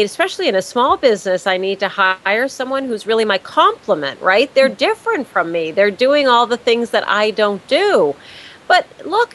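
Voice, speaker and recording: A woman's voice: fairly high pitch, fairly bright tone, rough recording. A woman business consultant answering interview questions, laying out her points step by step and stressing key words by repeating them. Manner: structured, explains step by step.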